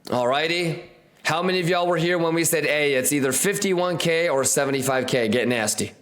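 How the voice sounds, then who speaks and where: A man's voice: a little high, fairly bright tone. A man hosting a live trading stream, hyped and slangy, repeating catchphrases and talking straight to his viewers.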